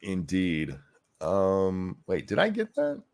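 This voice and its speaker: A man's voice: low-pitched, slow pace, vocal fry, smooth. Guy hosting a political stream, sarcastic, voice jumps all over. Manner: animated, sarcastic. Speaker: host. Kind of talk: casual political chat.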